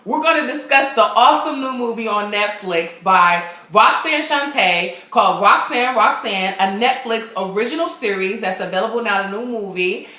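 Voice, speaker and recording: A woman's voice: mid-range voice, moderate pace, hardly any pauses, bright, forceful tone. A woman vlogger recapping a film in casual, slangy, profane storytelling. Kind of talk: casual chat. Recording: echoey room.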